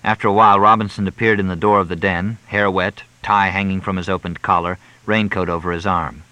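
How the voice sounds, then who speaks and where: A man reading a crime novel aloud in measured, even storytelling narration. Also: deep voice, no room sound, poor audio. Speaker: audiobook narrator.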